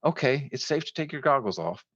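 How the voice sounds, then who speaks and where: A man voicing an excited older male amateur astronomer who shouts eager instructions. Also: medium pitch, brisk, no room sound, dull audio, voice pushed up.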